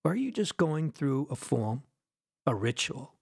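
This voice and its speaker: A man preaching a fervent sermon, firing rhetorical questions at his listeners and swinging between loud declarations and hushed lines. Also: medium pitch, big pitch swings, a little slow, creaky, breathy edge. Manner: asks the audience rhetorical questions.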